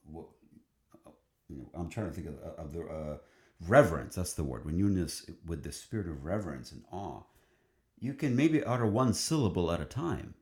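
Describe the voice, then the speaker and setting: A man's voice: sits low, a little mellow, roomy sound. A man who sings in a choir, telling an enthusiastic story in conversation, often restarting his sentences. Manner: enthusiastic, halting with many restarts and fillers. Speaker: choral singer.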